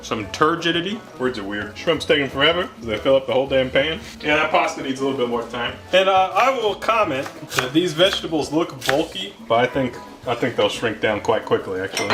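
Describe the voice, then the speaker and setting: A man hosting a casual cooking vlog in his home kitchen, with goofy, deadpan wordplay. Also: mid-range voice, brisk, hardly any pauses. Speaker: cooking show host. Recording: music playing underneath.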